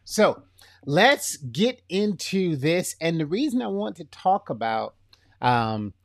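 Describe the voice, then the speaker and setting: A man's voice: a little high, big pitch swings, takes it slowly, creaky. Chatty Florida man with a country twang. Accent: Florida, slightly country Southern. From Florida, USA. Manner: chatty, upbeat, frequent fillers and restarts. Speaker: podcast host. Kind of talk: casual faith podcast talk.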